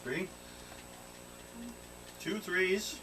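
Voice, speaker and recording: Captured from a distance in a noisy room, a man with a high voice speaks extremely slowly as game master of a tabletop role-playing game. He laughs often and tells the players to roll dice.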